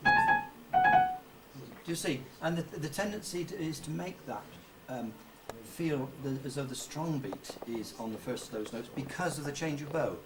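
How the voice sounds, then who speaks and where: A man's voice: medium pitch, lively intonation, normal speed, few pauses. A man teaching a violin student from the piano, patiently explaining phrasing and checking that he is understood. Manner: sings rhythms to demonstrate, patient, asks if understood. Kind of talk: music lesson coaching. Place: rehearsal room with piano. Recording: distant mic with piano in the room.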